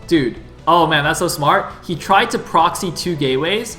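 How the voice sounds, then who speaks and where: A man casting a live game, excitable and jokey, getting loud at big plays. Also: on the high side, normal speed, soft background music. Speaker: esports caster.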